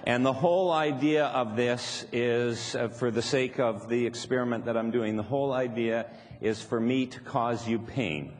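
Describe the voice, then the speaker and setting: A man's voice: medium pitch, normal speed, hardly any pauses. A man leading a live seminar, teasing and chuckling as he explains his point to the audience. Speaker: seminar speaker. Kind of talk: live motivational seminar talk. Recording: echoey hall, faint background noise.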